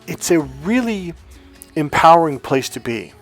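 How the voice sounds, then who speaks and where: A man giving a blunt, emphatic motivational talk as a coach, swearing casually and talking in quick bursts. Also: on the high side, very animated, soft background music.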